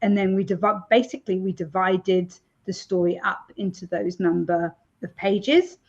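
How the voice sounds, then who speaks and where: A woman author chatting in an interview, laughing often and filling pauses with ums. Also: mid-range voice. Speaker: romance author, interview guest. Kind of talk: casual interview chat. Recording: dull lo-fi sound.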